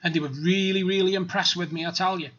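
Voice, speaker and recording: A man's voice: high voice, steady tone, fast, fairly bright tone, muffled recording. A middle-aged man telling stories in a plain-spoken, rambling, blunt way. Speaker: vlogger. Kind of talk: casual storytelling monologue.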